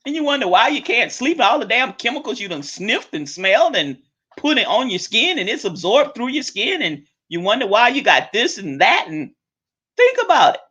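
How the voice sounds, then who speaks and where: A woman delivers a profane, blunt monologue as the host of her own show. Her voice is forceful and bright, with sudden leaps in pitch. The recording sounds dull and lo-fi. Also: normal speed, slightly rough. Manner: blunt, swearing freely, animated swings in pitch.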